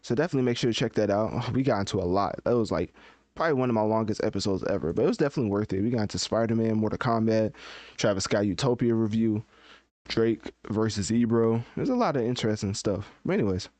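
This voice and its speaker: A man's voice: lowish voice, fast talker, darkish tone, no room sound. Chatty man hosting a live podcast. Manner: chatty, thinks aloud while searching. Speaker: podcast host. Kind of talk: casual live-stream commentary.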